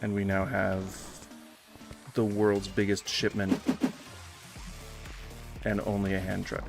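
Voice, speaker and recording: A man giving casual commentary while playing a game, muttering to himself with sarcastic, mock-formal complaints and sudden loud outbursts. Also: low voice, completely flat delivery, slow pace, vocal fry, over music. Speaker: gaming streamer.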